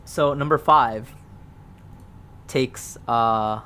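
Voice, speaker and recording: Slow, mumbling man narrating a solo game. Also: medium pitch, bright, forceful tone, clean tone, soft background music. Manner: muttering through dice rolls, thinking aloud with many ums. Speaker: solo tabletop game player.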